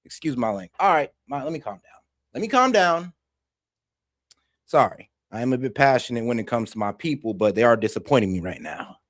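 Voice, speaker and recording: A young man hosting a reaction stream, passionate and swearing, swinging between heated outbursts and calming down. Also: mid-range voice, fairly quick, no echo, studio quality. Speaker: stream host reacting to videos. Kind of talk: heated casual commentary.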